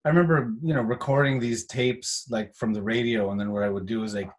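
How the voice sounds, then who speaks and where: A man's voice: medium pitch, fairly quick. A man hosting a casual chat, telling stories in a rambling way, full of "like" fillers. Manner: rambling, animated storyteller with many "like" fillers. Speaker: host.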